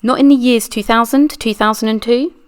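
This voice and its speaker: A woman's voice: fairly high pitch, steady tone, fairly quick, clear, resonant tone, voice pushed up, natural voice. A woman reading as a pressing, methodical lawyer. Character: persistent adult lawyer questioning a witness. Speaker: true crime channel reader. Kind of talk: read-aloud deposition reenactment.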